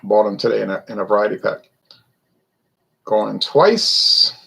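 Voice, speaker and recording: A man's voice: fairly low pitch, monotone, rapid-fire, vocal fry, darkish tone, breathy edge, rough recording. A man from Louisiana giving a casual, rambling beer review to viewers in a wry, self-correcting way. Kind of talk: casual solo livestream chat.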